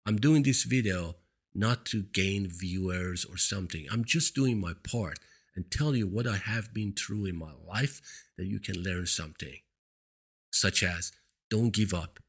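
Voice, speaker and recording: Talk show host, male, non-native English with an accent; slightly low, husky voice; earnest, emphatic motivational delivery. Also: a little slow. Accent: foreign. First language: not English. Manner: earnest, emphatic, repeats points for stress. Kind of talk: motivational monologue. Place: seated indoors. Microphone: studio microphone.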